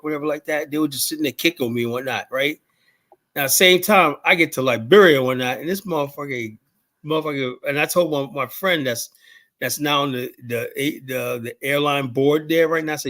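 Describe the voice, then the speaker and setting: A man's voice: on the high side, fairly quick. Profane, storytelling American man. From United States. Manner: profane, animated storytelling with quoted voices. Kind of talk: casual chat.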